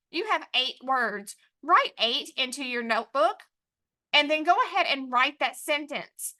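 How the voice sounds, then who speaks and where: A woman teaching an online spelling lesson, dictating words and syllables in a slow, drawn-out way over a computer mic. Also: high voice, animated, bright, forceful tone.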